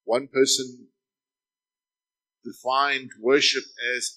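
A male pastor preaching a sermon in church, reading psalms slowly and then exhorting with emphasis. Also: mid-range voice, pushed and bright, poor audio.

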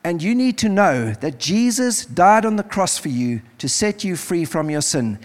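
A man's voice: high-pitched, sing-song, moderate pace. A man preaching as pastor in a church service, earnest and pleading, repeating phrases as he leads an altar call. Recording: music playing behind.

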